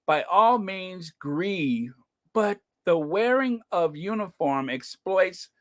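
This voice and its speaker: A royal-commentary vlogger delivers scornful, animated remarks at an unhurried pace. The pitch swoops up and down expressively while reading viewer comments and news snippets aloud, with laughter never far away. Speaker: royal commentary channel host.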